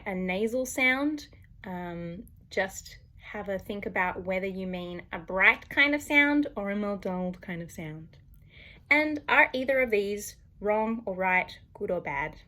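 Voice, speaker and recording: A woman's voice: medium pitch, a bit bright. A woman, a voice coach explaining singing technique to camera and demonstrating sounds as she goes.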